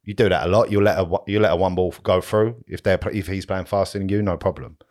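A man with a fairly low voice spins a long anecdote on a podcast. He talks in loose street slang, swears without a second thought and keeps tossing in "right?" to hold his listener. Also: fast. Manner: animated anecdote teller, swears freely, leans on "right?" and "yeah?". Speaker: podcast co-host. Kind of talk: casual storytelling chat.

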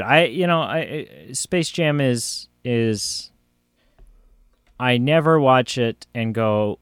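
A man's voice: medium pitch, slow pace, clean tone, no room sound, studio quality. Rambling jokey man on a podcast. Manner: rambling, jokey, trails off and restarts. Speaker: podcast co-host. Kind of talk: casual chat. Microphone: phone that cuts out.

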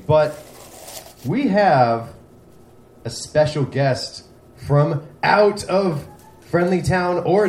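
A man's voice: mid-range voice, a little mellow. A man hosting a live comedy show, introducing acts in a playful, mock-grand way. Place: comedy club stage. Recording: echoey room, faint ambience.

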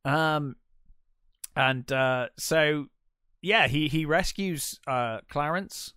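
A man's voice: fairly high pitch, pushed and bright, clean tone, no echo, studio quality. A man co-hosting a podcast, retelling film scenes in casual chat with lots of fillers. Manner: retells scenes with quick put-on voices, many fillers. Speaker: podcast co-host.

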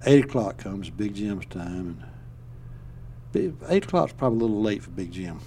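A man's voice: on the low side, sing-song, moderate pace, very noisy. An older man from Alabama with a Southern accent, telling a story in a folksy, rambling way and chuckling as he goes. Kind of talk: casual storytelling.

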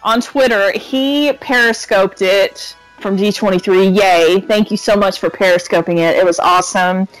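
A woman's voice: medium pitch, normal speed, few pauses, soft background music, poor audio. A woman hosting a casual podcast, upbeat and giggly as she keeps things orderly. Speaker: podcast host.

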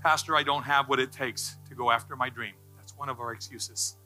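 Pastor guy preaching, jokey then fired up, really bright voice, faint music behind. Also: mid-range voice, steady tone, a little fast, low-quality recording. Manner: jokey, builds to loud passionate preaching. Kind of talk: sermon.

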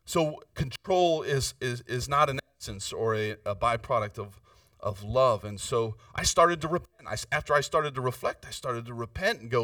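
Earnest, bright-voiced male pastor preaching. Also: medium pitch, animated, normal speed, no echo, studio quality, distant mic. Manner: earnest, personal, keeps asking "right?". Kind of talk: conversational sermon.

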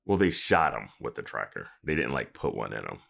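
Deep voiced guy on a podcast, voice jumps all over, laughs a lot, keeps asking how is this happening. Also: big pitch swings, brisk, vocal fry, fairly bright tone. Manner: laughs often, incredulous rhetorical questions. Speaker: podcast co-host. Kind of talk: casual chat discussing a TV episode.

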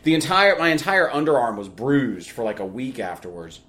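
A man co-hosting a casual comedy podcast, telling stories and breaking into shouted impressions of his parents. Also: medium pitch, very animated, normal speed. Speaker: podcast co-host.

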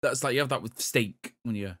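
A man's voice: mid-range voice, fairly quick, a bit bright. Guy rambling on a gaming podcast, like, um, like. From Europe. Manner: rambling, full of "like" and "um". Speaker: podcast co-host. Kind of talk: casual chat.

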